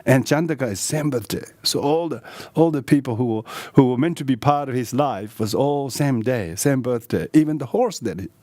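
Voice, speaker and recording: An older man who is a lama giving a dharma talk, telling a story with frequent laughs and halting restarts. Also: mid-range voice, warm tone, dry recording. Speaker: lama, meditation teacher.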